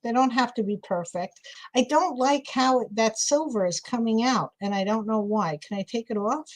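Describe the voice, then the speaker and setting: Craft-stream host, woman, New York City accent, high pitch, chatty. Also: normal speed, low-quality recording. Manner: chatty, thinks aloud while working. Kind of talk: casual live crafting chat.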